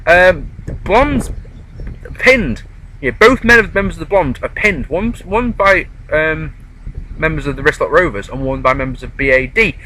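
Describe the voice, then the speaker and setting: A man's voice: a little high, expressive, moderate pace, pushed and bright, slight background noise, rough recording. A man chatting casually outdoors in a park, rambling through a wrestling show review. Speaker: wrestling vlogger.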